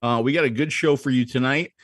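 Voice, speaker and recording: A man's voice: mid-range voice, fast talker, no echo. A man co-hosting a casual live-stream show, teasing his partner in playful banter. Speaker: co-host.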